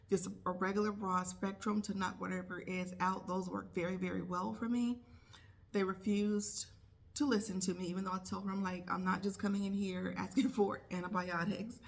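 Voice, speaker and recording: Woman, nurse vlogger, chatty storytelling, acts out her own thoughts, mid pitch. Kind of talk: casual storytelling vlog.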